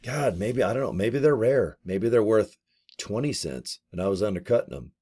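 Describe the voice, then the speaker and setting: A man's voice: lowish voice, normal speed, husky. A middle-aged man talking to camera in a casual, rambling monologue, joking and swearing as he tells stories. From Iowa and Santa Barbara. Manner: joking, animated storytelling with crude humor. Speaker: network marketing promoter.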